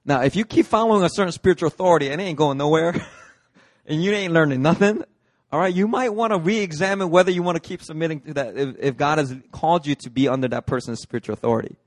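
Animated preacher with a dry, close sound. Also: male voice, fairly high pitch, fast, no echo. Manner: animated, acts out movie characters with put-on voices. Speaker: pastor. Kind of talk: sermon with storytelling. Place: church hall, dry sound.

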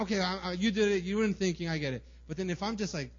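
A man's voice: sits high, racing, dull audio. A man preaching a sermon in a casual, conversational way, often tagging "right?" and muttering little acted quotes. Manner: acts out small everyday quotes in muttering asides. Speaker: pastor.

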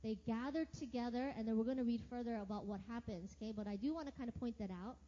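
Woman Bible teacher, middle-aged, high but mellow voice, chatty and upbeat, lo-fi sound with long reverb. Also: fast. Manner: chatty, upbeat, says okay often. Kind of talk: casual Bible teaching with scripture reading.

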